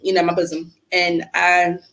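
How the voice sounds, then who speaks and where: A woman's voice: fairly low pitch, normal speed, creaky. A woman in her thirties, a podcast guest, chatting casually and telling stories with acted-out quotes. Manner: animated storytelling with acted-out quotes. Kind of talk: casual chat.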